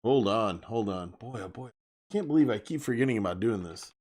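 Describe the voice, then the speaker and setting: A man's voice: on the low side, expressive, fairly quick, a little mellow. A man talking straight to his live-stream viewers in a loose, unscripted rant. He is blunt and emphatic and circles back to repeat his points. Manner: blunt, emphatic, repeats himself while ranting.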